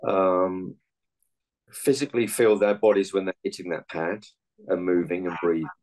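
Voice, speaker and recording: A man's voice: deep voice, fairly even intonation, normal speed, darkish tone, poor audio. A man, a meditation and martial arts coach, giving earnest interview answers full of anecdotes from his coaching.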